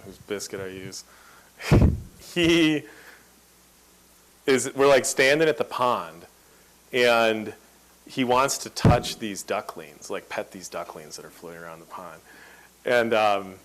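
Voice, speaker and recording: A man's voice: mid-range voice, poor audio. A man in his thirties giving a talk on a lapel mic, telling a story and acting out the quotes. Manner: animated, acts out quotes. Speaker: guest speaker.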